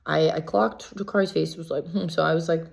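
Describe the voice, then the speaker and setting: Woman, low-pitched, reality contestant spilling gossip in a casual recap, filler-heavy and animated. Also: a little fast, creaky. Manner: chatty, filler-heavy with constant "like"; gossipy and animated when quoting others.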